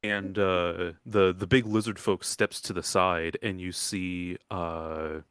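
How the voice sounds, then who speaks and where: A man narrating as game master of a live tabletop game, halting with frequent fillers and restarts. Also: deep voice, steady tone, a bit bright, clean tone, no echo, studio quality.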